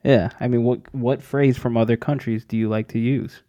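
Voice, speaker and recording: A man co-hosting a casual podcast from his room at home, playful and quick to laugh. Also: medium pitch, fairly even intonation, warm tone, no echo, lo-fi sound. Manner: playful, easily amused. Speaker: podcast co-host. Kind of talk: casual chat.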